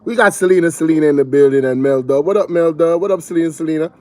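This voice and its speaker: A man's voice: a little high, racing, a little mellow, dry recording. A man with a Jamaican accent hosts a live reaction show. He repeats his points with emphasis and greets viewers by name between comments.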